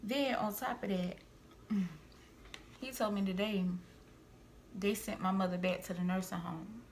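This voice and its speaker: A young woman vlogger and single mother, venting a family story to her viewers in a heated, animated way with frequent asides. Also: medium pitch, measured pace, slight background noise. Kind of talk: storytime vlog, venting to camera.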